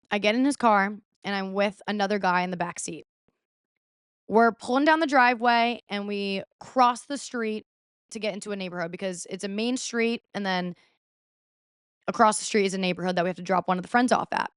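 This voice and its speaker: A woman in her twenties tells a story on her podcast in a smooth, mid-range voice at a moderate pace. She's chatty, says "like" constantly, and acts out what people said. The recording is dry, with clean studio sound.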